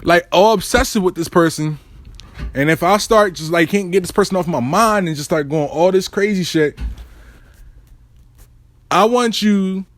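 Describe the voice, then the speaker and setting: A man telling a story in casual storytime style, profane and animated with street slang. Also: sits high, normal speed, pauses often, no echo.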